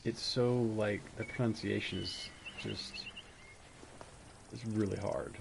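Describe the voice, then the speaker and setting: A man's voice: fairly low pitch, steady tone, slow pace, gravelly, noisy background. A man chatting casually while streaming a game, rambling and thinking aloud as he plays. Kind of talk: casual gameplay chat. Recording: game music loud behind voice. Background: game music.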